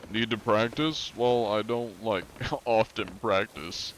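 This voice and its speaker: A man's voice: on the low side, slow pace, a little hiss or hum. A young man streaming a game, chatting casually with viewers, reading their messages aloud and laughing easily at a desk mic. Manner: laid-back, reads chat aloud, laughs often. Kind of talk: casual live-stream chat.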